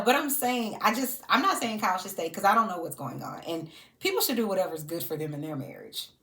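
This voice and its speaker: Sassy, animated woman giving commentary. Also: on the low side. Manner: sassy, animated, laughs often. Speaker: reality TV commentator. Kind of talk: casual reaction commentary.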